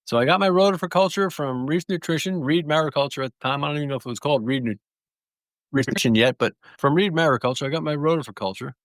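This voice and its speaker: Guy telling long stories, a little high pitched, lots of restarts, dry close sound. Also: quick pace, dry recording. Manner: rambling anecdotes with small restarts and laughs. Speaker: guest clownfish breeder. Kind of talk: relaxed storytelling.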